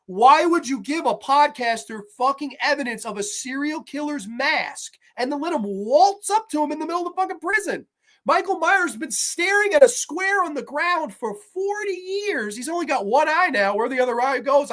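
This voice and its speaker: A horror movie reviewer rants his way through a sequel, firing off profane, sarcastic jabs. He sinks into low grumbles, then rises into loud, mocking shouts.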